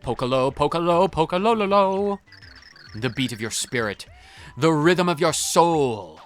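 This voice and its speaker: A gamer putting on a lofty little music sprite who speaks in slow, declamatory poetry. The voice sits higher and louder than usual, with faint game music behind. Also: animated, natural voice. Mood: mystical. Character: grandiose musical pixel creature, poetic and lofty. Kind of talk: reading game dialogue in voices.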